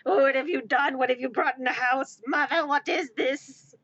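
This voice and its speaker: A woman's voice: high voice, fairly even intonation, normal speed, a bit bright, muffled recording. A woman voicing a bewildered house cat that indignantly questions its owner.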